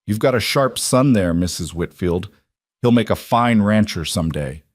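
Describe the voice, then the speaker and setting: Brief: man doing a low, terse cowboy, guarded, dry close sound. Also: animated, normal speed, dry recording. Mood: warm. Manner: terse and firm.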